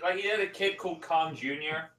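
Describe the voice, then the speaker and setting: A man co-hosting a casual chat show, trading jokes with quick remarks. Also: fairly high pitch, distant mic, low-quality recording. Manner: joking, lively.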